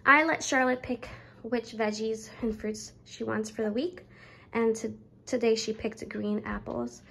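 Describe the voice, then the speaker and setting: A woman's voice: a little high, steady tone, measured pace, vocal fry, a bit bright, husky, poor audio. A young woman chatting casually through her grocery haul at home, a little out of breath, with many fillers. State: pregnant, slightly out of breath. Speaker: vlogger.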